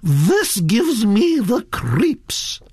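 A man voicing an imperious elderly duchess, blunt and domineering, speaking in a brisk, commanding way. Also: sits high, wildly swooping pitch, a little mellow, breathy edge, dry recording, clean studio sound, pitched above the performer's own voice, exaggerated voice.

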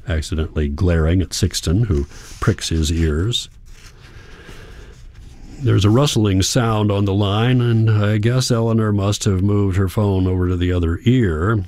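A man giving a calm, measured first-person audiobook narration. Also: fairly low pitch, no room sound.

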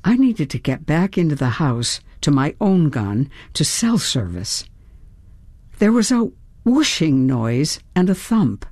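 Woman narrator, unhurried first-person audiobook read, dry close sound. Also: sits low, very animated, darkish tone, no room sound. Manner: measured storytelling, tense in action scenes.

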